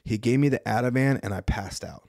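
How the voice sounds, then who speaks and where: A young adult man telling his story as a podcast guest, animated, acting out other people's lines and laughing often. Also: mid-range voice, a little fast, creaky, no echo, clean studio sound. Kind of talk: casual storytelling.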